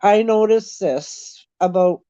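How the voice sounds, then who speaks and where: A woman's voice: medium pitch, slow pace, dark tone, no room sound, lo-fi sound. A middle-aged Canadian woman with a Canadian accent, chatting casually with her viewers, telling stories and laughing often. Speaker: livestream host chatting with viewers. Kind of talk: casual chat.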